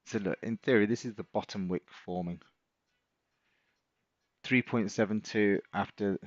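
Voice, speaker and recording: Guy hosting a trading stream, low voice, chatty and encouraging, dry, kinda dull mic. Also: steady tone, unhurried, no echo. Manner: encouraging, chatty, reads out viewers' comments. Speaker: trading coach and live stream host. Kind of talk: casual live stream chat with viewers.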